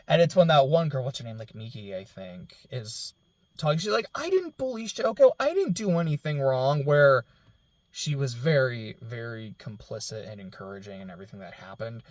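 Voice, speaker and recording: A man giving a casual, emotional film reaction, rambling with many fillers and dropping very soft when moved. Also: mid-range voice, normal speed, no echo. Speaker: film reviewer.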